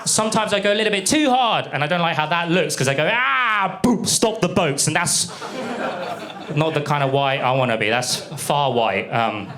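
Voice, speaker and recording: A young man from the UK performing a stand-up comedy set, delivering deadpan punchlines and slipping into put-on voices for characters. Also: fairly high pitch, fast, hardly any pauses. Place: comedy club stage with a laughing audience. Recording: live club recording with crowd laughter.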